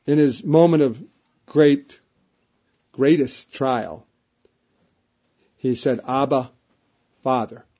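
A man's voice: mid-range voice, extremely slow, long pauses, mellow. A man preaching a sermon, reading King James scripture aloud and repeating key phrases for emphasis. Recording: dull lo-fi recording.

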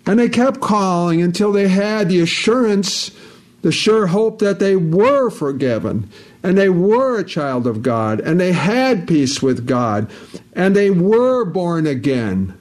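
A man's voice: sits high, sing-song, takes it slowly. A man preaching a sermon, emphatic and repetitive, quoting scripture at length.

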